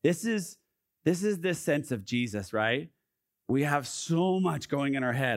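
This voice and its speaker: Man, 30s, youth pastor giving a casual sermon, slightly high voice, dead-dry recording. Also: measured pace, no room sound. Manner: casual, energetic preaching with many fillers; drops to a soft, quiet tone for scripture. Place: youth gathering.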